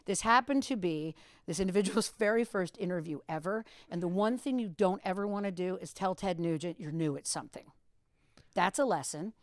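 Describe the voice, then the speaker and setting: A woman in her fifties, a radio host on a podcast, telling stories with big, lively swings into a high voice when she quotes people. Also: fairly quick, dry recording, studio quality. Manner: animated storyteller, acts out quotes in a high voice. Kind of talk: casual storytelling chat.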